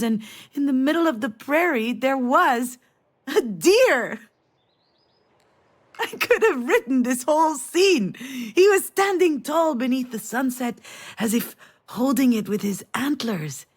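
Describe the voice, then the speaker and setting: A woman's voice: high-pitched, breathy edge, exaggerated voice. An actress playing a mother who recalls a family memory in an intimate, storytelling manner for a game. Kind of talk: game voice acting.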